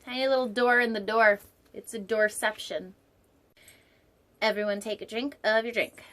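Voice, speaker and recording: A woman's voice: a little high, fairly even intonation, normal speed, a bit bright. A woman hosting a storytime show, reading a picture book aloud and breaking off for playful, digressive jokes, sometimes dropping to a whisper for an aside. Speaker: storytime host.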